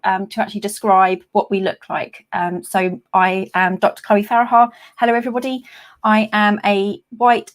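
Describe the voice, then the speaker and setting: A woman hosting a casual interview from her office, friendly and hesitant with frequent ums. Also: medium pitch. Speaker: host.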